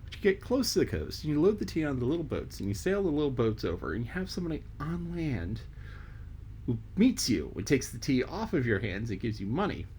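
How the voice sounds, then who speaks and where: A man's voice: mid-range voice, very animated, fairly quick, a little mellow, slight background noise. Man reading aloud and chatting loosely. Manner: loose, rambling asides full of fillers. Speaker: audiobook reader. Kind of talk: reading a classic novel aloud with casual commentary.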